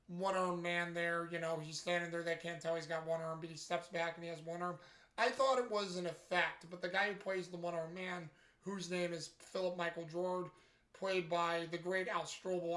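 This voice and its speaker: Rambling host recapping an episode in a casual way, flat delivery, many fillers and self-corrections, recorded in a roomy space. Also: medium pitch. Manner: rambling, heavy on "you know" fillers, corrects themselves mid-sentence. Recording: roomy echo.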